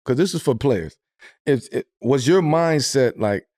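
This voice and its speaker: A man co-hosting a podcast, talking in an animated way and jumping in with questions. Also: medium pitch, unhurried. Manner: animated, laughing, interjecting. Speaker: podcast co-host. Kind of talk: casual chat.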